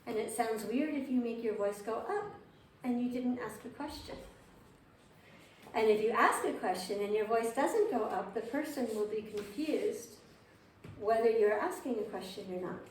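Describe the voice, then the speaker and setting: A woman's voice: a little high, normal speed. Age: adult. Sex: woman. Role: piano teacher. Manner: patient, quizzing the class. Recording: roomy, distant, faint noise. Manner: patient, asks the class questions and repeats answers. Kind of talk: group music lesson.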